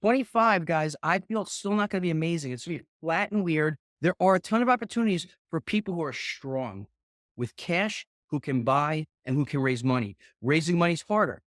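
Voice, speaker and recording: A middle-aged man coaching a group call on real estate investing, rambling and excitable, swearing often. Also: a little high, a little fast, no room sound, studio quality.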